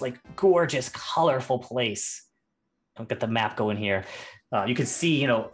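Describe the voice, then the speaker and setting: Man, game master, chatty loose narration, mid pitch, faint carnival music. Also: a bit bright. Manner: loose, chatty, full of fillers and restarts.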